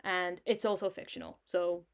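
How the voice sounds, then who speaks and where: A woman's voice: on the low side, level tone, moderate pace, gravelly, smooth. An Irish woman streaming a solo tabletop game, narrating and breaking off into chatty, self-mocking asides.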